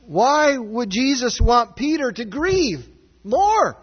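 A man preaching a sermon as pastor, earnest and searching, swinging from raised, near-shouted passages down to low, quiet ones. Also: very animated, slow pace, husky. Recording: dull sound with long hall reverb.

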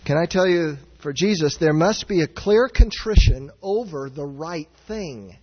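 A man preaching a sermon as pastor, earnest and searching, swinging from raised, near-shouted passages down to low, quiet ones. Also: expressive, unhurried, husky. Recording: dull sound with long hall reverb.

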